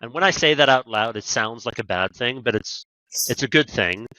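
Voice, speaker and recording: A man's voice: mid-range voice, expressive, moderate pace, pushed and bright, no echo, low-quality recording. A man with a Canadian accent, a podcast guest talking about negotiation training in a conversational interview, telling stories animatedly with quoted asides.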